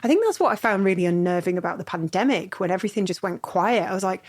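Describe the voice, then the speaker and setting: A woman's voice: mid-range voice, animated, fast. Chatty, playful English woman hosting. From England. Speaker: podcast host. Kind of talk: casual chat.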